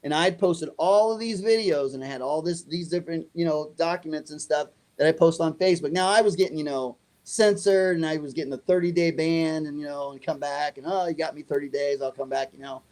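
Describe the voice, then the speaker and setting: Animated middle-aged man telling a story. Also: a little high, brisk, few pauses. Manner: animated, acts out dialogue. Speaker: guest. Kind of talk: storytelling interview.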